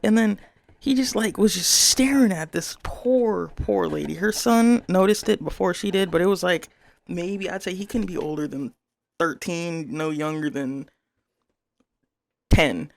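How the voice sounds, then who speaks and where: A young adult woman rambling through a profane, animated story from her workday in a casual vlog. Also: fairly low pitch, unhurried, gravelly. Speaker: vlogger telling a story.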